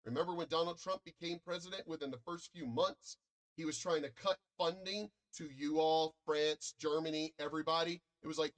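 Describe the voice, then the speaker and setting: A man's voice: on the high side, steady tone, normal speed, fairly bright tone. An American man in a profane, combative and boastful ranting monologue, commenting online. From United States.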